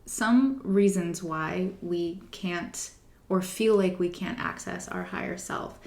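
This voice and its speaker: Female wellness podcast host, soft and reflective, a bit low in pitch, recorded in a roomy space. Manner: soft, unhurried, reflective with fillers. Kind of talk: spiritual wellness talk. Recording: roomy echo.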